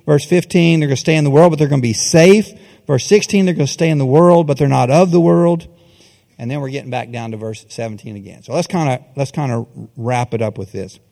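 A man preaching a sermon as pastor, folksy and animated, slipping into a coach's pep-talk manner. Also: medium pitch, fairly quick, vocal fry. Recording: long hall reverb.

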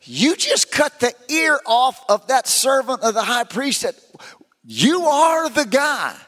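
A male preacher voicing a servant girl who insists she recognizes someone, in a raised, shrill voice. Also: big pitch swings, slow pace, fairly bright tone, long reverb tail, exaggerated voice. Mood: accusing.

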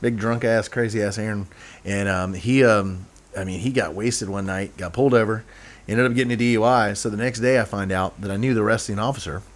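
A man's voice: fairly low pitch, fairly even intonation, a little fast. A man hosting a casual chat, telling stories with laughter and acted-out quotes. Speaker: podcast host.

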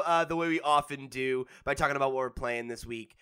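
A man's voice: mid-range voice, a little fast, hardly any pauses, fairly bright tone, clear, resonant tone. A man hosting a casual gaming podcast, bantering and laughing easily with his co-host.

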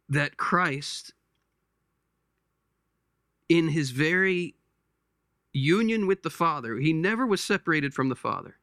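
A man hosting a podcast, giving a slow pastoral reflection, gentle and halting, often repeating words as he searches for them. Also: on the high side, dry recording, clean studio sound. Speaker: podcast host.

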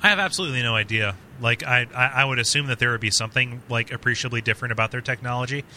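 A man's voice: mid-range voice, very fast, pushed and bright, a little hiss or hum. A man hosting a podcast in casual chat, rambling and packing his talk with "like" and restarts. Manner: rambling, filler-heavy, heavy use of "like". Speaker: podcast host.

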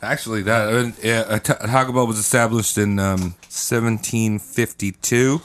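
A man's voice: on the low side, normal speed. A man co-hosting a comedy podcast, deadpanning made-up history in casual chat. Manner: deadpan made-up facts, laughs mid-sentence. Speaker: podcast co-host.

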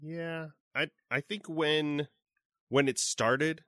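A man's voice: a little high, slow pace, no room sound, clean studio sound. A man co-hosting a casual podcast chat, telling stories expressively and acting out quotes. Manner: expressive storyteller, acts out quotes. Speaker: podcast co-host.

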